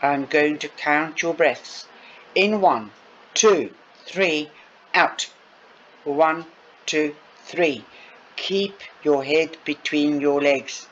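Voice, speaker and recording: A man putting on a commanding young woman who takes charge of her friend, her voice pushed higher and louder than his own. She counts breaths slowly and firmly. The sound is dull and lo-fi, with a faint hiss. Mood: coaxing. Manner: firm, commanding. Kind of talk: audiobook reading.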